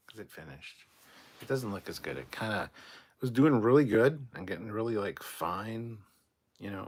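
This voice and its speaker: A sleep-deprived man hosting a casual late-night livestream, reading out chat and rambling in a tired, mumbling way. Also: slight background noise. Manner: tired, rambling, drops to low mutters.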